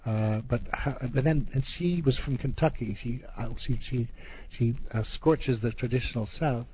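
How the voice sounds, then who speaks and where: A man reading a poem aloud and then talking about it, halting and repeating words as he explains. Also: mid-range voice, darkish tone, husky, low-quality recording. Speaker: poet and guest discussing poetry. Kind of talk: poetry reading and discussion.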